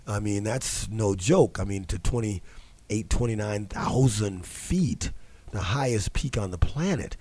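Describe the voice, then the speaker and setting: A man's voice: fairly low pitch, dark tone. A man hosting a fitness talk show from a studio, telling a long story in a rambling, casual way with many restarts and fillers.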